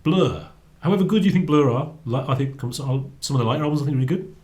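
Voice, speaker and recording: A man's voice: a little high, lively intonation, quick pace, darkish tone. A man, chatting casually as co-host of a book review, laughing often and repeating words as he thinks. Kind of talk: casual chat.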